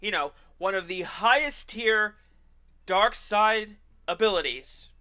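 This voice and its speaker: A man streaming while he plays a game, ranting in an animated, sarcastic way and swearing now and then. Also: high-pitched, slow, clean tone. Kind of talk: ranting commentary while gaming.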